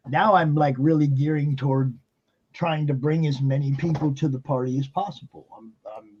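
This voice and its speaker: A man with a fairly high, mellow voice hosts a live stream, heard through a computer mic in a muffled recording. As streamer and show host, he talks in a casual, emphatic way, with plenty of fillers and swearing.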